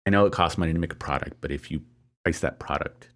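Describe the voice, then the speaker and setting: A man with a very low voice chatting on a gaming podcast. He talks slowly and thinks out loud, with plenty of ums and restarts along the way. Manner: hesitant, lots of ums and restarts, measured. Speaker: podcast co-host. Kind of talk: casual podcast discussion.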